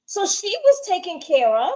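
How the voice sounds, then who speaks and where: A woman's voice: very high voice, very animated, moderate pace, a little mellow. A woman co-hosting a casual TV episode review, firmly arguing her view of the plot. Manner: firm, opinionated, insists on her reading of the plot. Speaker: show co-host reviewing a TV episode.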